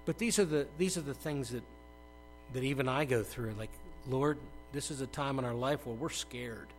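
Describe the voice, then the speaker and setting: A middle-aged male pastor preaching a conversational sermon, dropping to hushed asides and bursting into loud acted quotes. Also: mid-range voice, moderate pace, slight background noise, rough recording.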